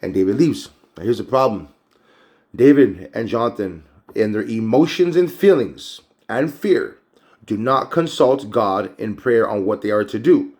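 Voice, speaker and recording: A man's voice: medium pitch, darkish tone. A man teaching a casual Bible chapter recap, conversational and a bit preachy.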